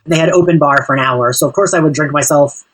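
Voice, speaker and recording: A podcast host telling stories in relaxed, casual chat, full of fillers. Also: medium pitch, quick pace, slightly rough, distant mic, rough recording. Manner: relaxed storytelling, filler-heavy.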